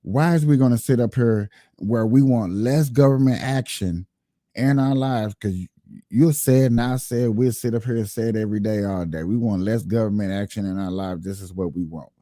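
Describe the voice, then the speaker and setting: A man's voice: lowish voice, moderate pace, warm tone, no echo, clean studio sound. A man hosting his own livestream, talking politics earnestly and repeating himself as he speaks straight to his viewers. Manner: earnest, repetitive, addresses viewers directly. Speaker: livestream host. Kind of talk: casual political livestream talk.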